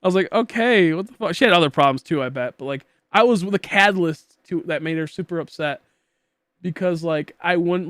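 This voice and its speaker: Young male streamer from Michigan, slightly high voice, dry close sound, rambling goofy casual chatter. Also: fairly bright tone, no room sound. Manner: rambling, goofy, filler-heavy. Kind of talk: casual chat while gaming.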